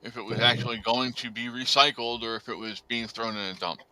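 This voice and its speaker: Bright, smooth-voiced man chatting casually. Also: medium pitch, level tone, a little fast, low-quality recording. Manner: rambling, frequent fillers, blunt. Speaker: podcast host. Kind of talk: casual chat.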